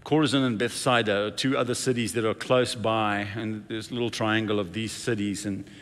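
A man preaching a sermon, telling a story in a lively, conversational way. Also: on the low side, brisk, big-room sound.

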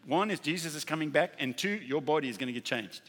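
A man preaching a sermon, talking casually and emphatically, often acting out quick bits of dialogue and repeating key words. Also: on the high side, lively intonation, fairly bright tone. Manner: conversational preaching with acted-out dialogue and emphatic repetition. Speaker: pastor. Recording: reverberant hall.

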